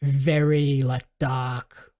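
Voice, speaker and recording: A man's voice: medium pitch, level tone, very slow, a little mellow. A man hosting a casual podcast chat about films and shows, easygoing and quoting his own reactions. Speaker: podcast host.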